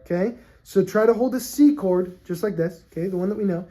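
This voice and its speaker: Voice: medium pitch, fairly quick, music in the background. A ukulele teacher giving an on-camera lesson, friendly and patient, asking "okay?" after nearly every point and counting beats aloud over ukulele strumming. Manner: friendly, checks in with "okay?" constantly.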